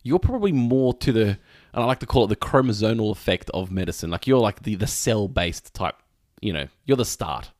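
Casting: lower-pitched man, very lively intonation, chatty podcast co-host who laughs a lot, dry close sound. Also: a little fast, few pauses, dry recording. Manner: animated, laughs often, many fillers. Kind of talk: casual chat.

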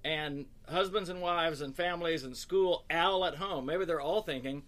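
A man in his fifties hosting a relaxed podcast conversation. He tells stories with animated energy, and his bright voice sits a little high for a man. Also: moderate pace. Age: 50s. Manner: lively storyteller, chuckling, animated asides. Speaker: podcast host and speaker. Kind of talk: casual podcast chat.

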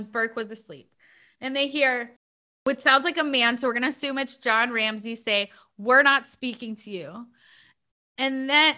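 A woman's voice: sits high, bright, forceful tone. A woman hosting a podcast, talking casually with many fillers and asides. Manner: chatty, many fillers like "like" and "you know". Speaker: podcast host. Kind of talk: casual chat.

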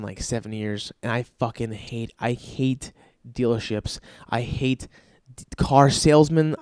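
Brief: ranting male comic storyteller, slightly high voice, dry recording. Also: clean tone, no room sound. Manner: animated, profane, ranting delivery.

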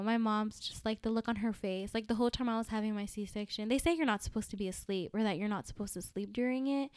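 A woman's voice: mid-range voice, smooth, no room sound, clean studio sound. A young woman, a podcast guest, telling a personal story with emotion and lots of fillers. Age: young adult. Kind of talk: casual chat.

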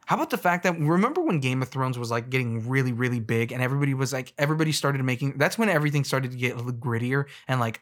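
In a mid-range voice, a man rants in a casual, comedic manner, racing along with few pauses. He's rambling and excitable, stumbling and restarting often.

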